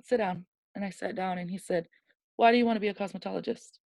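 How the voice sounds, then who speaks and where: A woman's voice: medium pitch, fast talker, vocal fry, no echo. Candid woman telling an emotional story. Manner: animated storyteller who acts out quoted dialogue. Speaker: guest. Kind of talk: personal storytelling in a podcast interview.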